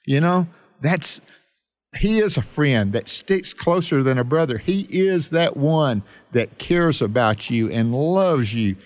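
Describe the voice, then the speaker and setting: A man's voice: medium pitch, no echo. A man co-hosting a Bible study discussion, telling illustrations in an earnest, storytelling way. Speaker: Bible teacher co-host.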